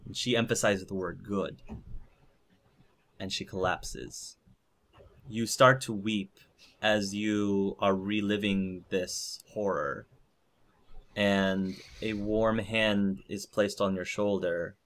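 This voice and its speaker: A man's voice: fairly low pitch, fairly even intonation, slow pace, long pauses, a bit bright. A man narrating a tabletop game as game master, hesitant, with many fillers.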